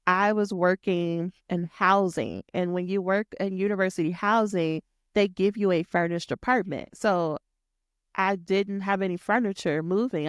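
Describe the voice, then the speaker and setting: A woman, hosting a podcast and telling a personal story in a lively, chatty way, acting out what others said. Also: lowish voice, clean tone, dry recording, clean studio sound. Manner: animated, talks to listeners as y'all, acts out quotes. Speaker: podcast host. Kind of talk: storytelling monologue.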